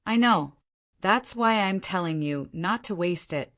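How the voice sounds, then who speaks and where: A woman's voice: lowish voice, expressive, unhurried, fairly bright tone. Woman reader doing a cheeky laid-back young fighter guy, casual and teasing. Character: cheeky, easygoing young male martial hero.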